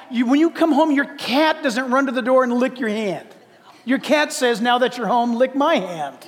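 High-pitched guy preaching a sermon, lively and funny, echoey big hall. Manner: animated, conversational preaching with humor. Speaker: pastor.

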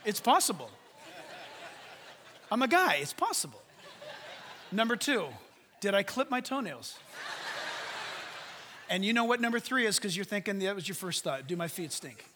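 A man pastor giving a sermon, telling a humorous story and swinging between loud preaching and hushed asides. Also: high-pitched, very animated, normal speed, pauses often, slight background noise. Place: church sanctuary stage. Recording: long hall reverb.

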